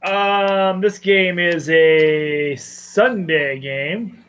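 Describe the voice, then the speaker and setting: Young man, higher voice, slow easy delivery, jokey co-host, faint noise behind. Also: a bit bright, clean tone, highs cut off. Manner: laughs often, joking and chatty. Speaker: co-host of a sports picks show. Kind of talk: casual sports chat.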